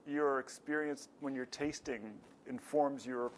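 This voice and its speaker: A man's voice: mid-range voice, little pitch movement, measured pace, a little hiss or hum. A man hosting a TV show, interviewing guests and describing things at a leisurely pace. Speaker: TV show host.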